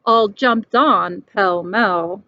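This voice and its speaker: Slow expressive woman reading a storybook. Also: medium pitch, dry recording. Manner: lively, animated, rhyming delivery. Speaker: storybook reader. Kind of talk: expressive storybook read-aloud. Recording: dull dry recording.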